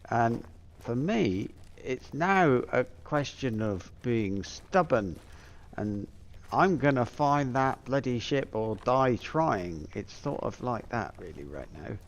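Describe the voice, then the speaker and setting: A man's voice: mid-range voice, lively intonation, slow pace, dull audio. A middle-aged man from Plymouth, England, chatting casually over his gameplay and musing aloud with many fillers. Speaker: gameplay streamer.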